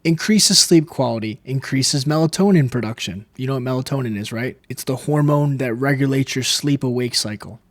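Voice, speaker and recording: A man's voice: mid-range voice, brisk, few pauses, no room sound. A young adult man talking casually to camera, candidly telling his own story. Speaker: vlogger.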